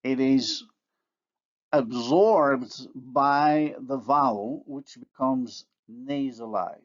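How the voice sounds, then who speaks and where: A man giving a recorded linguistics lecture, who carefully sounds out each example word. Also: mid-range voice. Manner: slow, deliberate, carefully sounds out example words. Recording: dull lo-fi recording.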